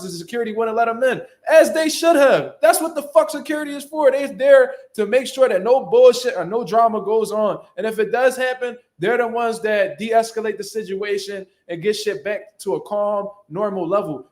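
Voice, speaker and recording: A man's voice: sits high, moderate pace, few pauses, darkish tone. A man hosting a casual boxing commentary show, talking bluntly with heavy slang and profanity. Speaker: boxing commentary channel host.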